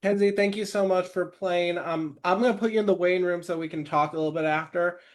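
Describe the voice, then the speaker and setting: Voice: medium pitch, fairly even intonation, fast. Casual game host with loose fillers. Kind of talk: hosting an online game.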